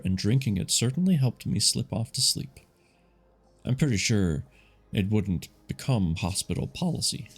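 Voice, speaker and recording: Man, low voice, live audiobook reading, casual asides, faint music behind. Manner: casual, self-correcting, comments on his own reading. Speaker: audiobook narrator.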